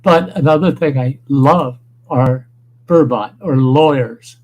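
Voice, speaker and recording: Hosting a laid-back livestream, a man from northern Wisconsin rambles through profane, animated tales of food and fishing. He talks slowly at a medium pitch, and the recording is rough.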